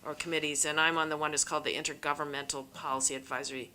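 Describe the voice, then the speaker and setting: A low but bright-toned woman speaking at a committee meeting. She sits on the commission and explains in a loose, informal way. Faint room noise is behind her. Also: little pitch movement, very fast. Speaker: commission member.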